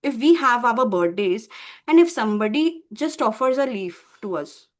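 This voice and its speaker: A woman teacher narrates a devotional story for children. Her voice sits high and animated, with frequent fillers and restarts. She often drops softer as she describes things. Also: moderate pace.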